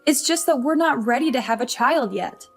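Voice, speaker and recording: A woman's voice: sits high, animated, moderate pace. An actress playing a frustrated young career wife who complains about her mother-in-law, over faint music. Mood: pleading. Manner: upset, complaining.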